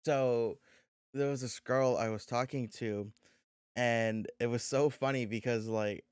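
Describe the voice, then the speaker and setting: A man's voice: medium pitch, steady tone, measured pace, darkish tone, clean tone, no room sound, studio quality. A young man co-hosting a podcast in casual chat, rambling and restarting his words with plenty of fillers. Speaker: podcast co-host.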